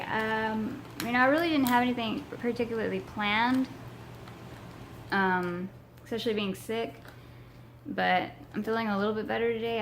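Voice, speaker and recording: A young woman from Texas chatting casually to her viewers, her voice hoarse from a sinus infection, rambling with many ums. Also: a little high, a little hiss or hum. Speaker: paranormal vlogger. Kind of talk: casual vlog chat to camera.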